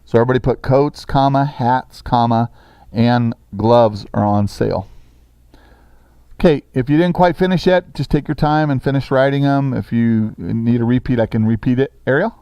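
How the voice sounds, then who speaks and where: Mellow-voiced man teaching a sixth-grade class. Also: medium pitch, smooth, no room sound. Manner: brisk, encouraging, reads sentences slowly for dictation. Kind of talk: classroom lesson, talking to students.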